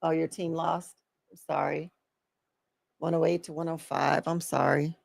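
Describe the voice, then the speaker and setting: Lady co-host joking around on a stream, low gravelly voice, dry mic. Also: little pitch movement, a little slow, no room sound. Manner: playful, teasing. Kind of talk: casual live-stream chat.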